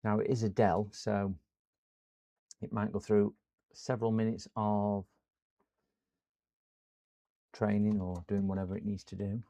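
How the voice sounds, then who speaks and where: A man's voice: lowish voice, flat delivery, a little slow, long pauses, warm tone, no echo. A man chatting through a live computer repair stream from his workshop. He rambles and talks to his viewers as he works. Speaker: repair channel host.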